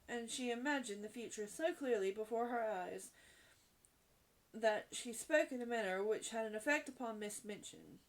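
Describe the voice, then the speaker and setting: A woman reading a children's classic aloud chapter by chapter, in a gentle storytelling manner. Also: on the high side, moderate pace. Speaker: audiobook reader.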